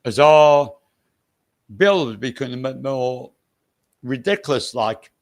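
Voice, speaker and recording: A man's voice: medium pitch, expressive, unhurried. A man with a Stoke-on-Trent accent mixed with Irish touches, a guest chatting casually on a live stream, blunt and swearing freely. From England.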